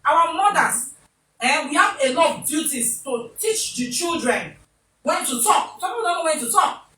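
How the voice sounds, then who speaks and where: Her high voice is expressive, bright and forceful, at a normal speed. She's a Nigerian talk show presenter giving animated, comic commentary, weaving pidgin into the little scenes she performs. Echo from the room, a far-off mic and faint noise color the recording.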